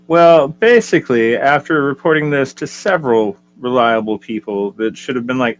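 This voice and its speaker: A man plays his character in a tabletop role-play, speaking loudly and emphatically. His pitch sits in a middling range. He is explaining his situation in a direct, forceful way. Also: expressive, moderate pace, hardly any pauses, rough recording. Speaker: player.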